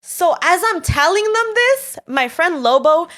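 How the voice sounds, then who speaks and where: A young woman with a high voice tells a story in relaxed chat. She talks in an animated, quick way and keeps slipping into what everyone said. Her pitch sits well above most women's. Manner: animated, fast storytelling with lots of quoted speech. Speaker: guest. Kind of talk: casual storytelling.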